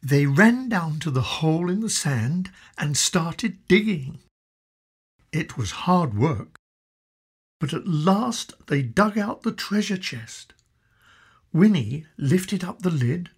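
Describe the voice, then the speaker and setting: Husky low-voiced woman reading a storybook. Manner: expressive, slow storytelling. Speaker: narrator.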